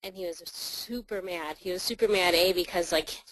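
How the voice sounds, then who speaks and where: A woman's voice: fairly low pitch, normal speed, a bit bright, no room sound, poor audio. A woman telling a business story in a chatty, blunt way, with lots of fillers and acted-out quotes. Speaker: online marketer telling a story. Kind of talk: casual storytelling.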